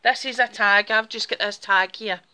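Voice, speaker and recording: Bright-voiced Scottish Borders woman crafting. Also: medium pitch, steady tone, normal speed, a little hiss or hum. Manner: chatty, talks while working with her hands. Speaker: craft tutorial host. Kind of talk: casual step-by-step craft demonstration.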